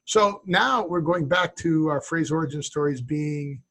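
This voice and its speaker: A man's voice: a little high, unhurried, sharp tone. A man co-hosting a casual podcast, rambling and joking, often derailing the talk. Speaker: co-host.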